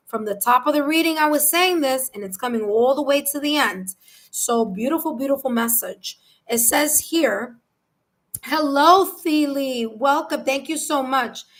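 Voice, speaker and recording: New york lady reading tarot live, kinda high voice, animated, keeps repeating herself. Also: poor audio. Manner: animated, repeats phrases, reads cards and chat aloud. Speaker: tarot reader.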